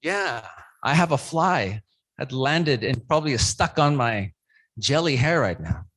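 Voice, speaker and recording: A keynote speaker at a conference who leads the audience through call-and-response and counts, breaking into loud shouts to rouse them. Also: mid-range voice, expressive, a little slow. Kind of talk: motivational speech with audience participation. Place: conference room with a live audience.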